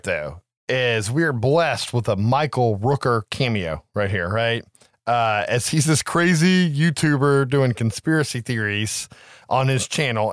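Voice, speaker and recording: A man co-hosting a podcast, recapping a horror film in a lively, profane, casual way. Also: medium pitch, no echo, studio quality. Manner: animated, profane storytelling. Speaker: podcast co-host.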